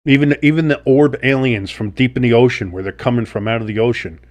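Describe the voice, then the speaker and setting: A man's voice: medium pitch, fast talker, darkish tone. A man with a sick, sniffly voice doing play-by-play commentary and reactions, blunt and swearing freely, jumping up on big plays. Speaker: sports streamer.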